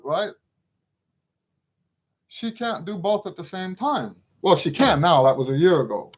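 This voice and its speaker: A middle-aged man teaching trumpet in a casual spoken lesson, frank and opinionated, often checking in with the listener. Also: high-pitched.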